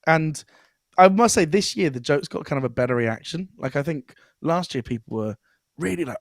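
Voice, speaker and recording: Animated storytelling man, high voice. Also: normal speed, no echo, clean studio sound. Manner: animated storytelling, laughs through punchlines. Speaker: comedian and podcast guest. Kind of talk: casual podcast chat.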